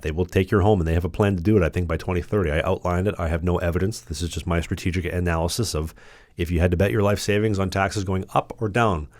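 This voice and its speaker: Deep voiced guy doing a blunt sarcastic political rant, dry close sound. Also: no echo. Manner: blunt, combative, sarcastic, repetitive. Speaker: political commentary channel host. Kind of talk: ranting political monologue.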